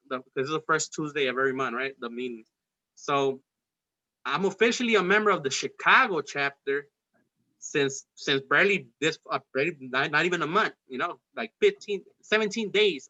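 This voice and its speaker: Guy ranting on his podcast, high bright voice, cussing and rambling, kinda muffled lo-fi sound. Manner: heated, profane, rambling with many restarts. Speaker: podcast host. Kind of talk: casual political chat. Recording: dull lo-fi recording.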